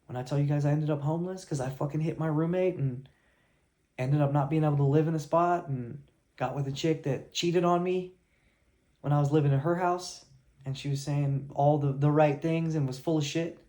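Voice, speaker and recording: A man's voice: on the high side, fairly even intonation, normal speed, dark tone. A man coaching his viewers in a blunt tough-love rant, swearing heavily and fired up. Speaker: life coach.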